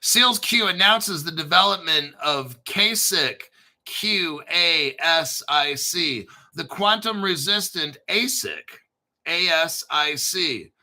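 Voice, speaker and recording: A man hosting a casual crypto show, rambling, clearing his throat often and swearing offhandedly. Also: fairly high pitch, animated, slow pace, pushed and bright. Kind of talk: casual commentary to camera.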